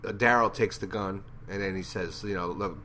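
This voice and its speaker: A man's voice: sits low, fairly even intonation, normal speed, sharp tone, slight background noise. A man giving a casual, rambling TV episode review, blunt and profane in his opinions. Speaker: TV show reviewer.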